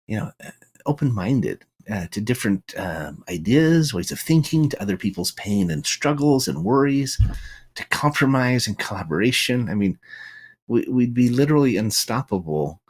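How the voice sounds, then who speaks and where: A man's voice: fairly low pitch, breathy edge. A middle-aged American man hosting a solo podcast monologue, reflective and storytelling, with frequent restarts and tag questions. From United States. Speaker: podcast host.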